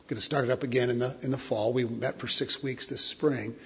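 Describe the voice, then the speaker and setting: A man preaching a sermon as a pastor, earnest, often repeating words and dropping to a soft, slow hush. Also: mid-range voice, fairly even intonation, vocal fry, slightly rough. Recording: long hall reverb.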